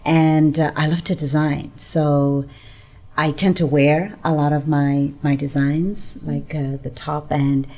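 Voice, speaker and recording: A middle-aged woman from Zambia, a yoga teacher introducing herself as a studio guest in a warm, earnest way. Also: low-pitched, level tone, takes it slowly. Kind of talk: casual self-introduction.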